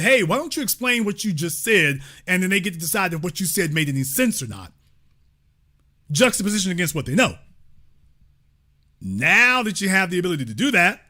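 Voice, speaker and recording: A man hosts a live call-in program, his voice sitting high and swinging widely as he drives each point home. He talks in an emphatic, mocking way, repeating phrases like a preacher building to a point, with a bright, sharp tone throughout. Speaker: host. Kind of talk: live call-in show commentary.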